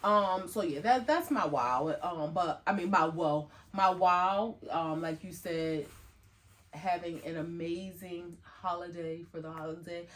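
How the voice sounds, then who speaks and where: A middle-aged woman co-hosting a podcast, chatting casually and acting out quoted lines in a lifted voice. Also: unhurried. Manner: animated storyteller, acts out quotes in a higher voice. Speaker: podcast co-host. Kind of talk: casual chat.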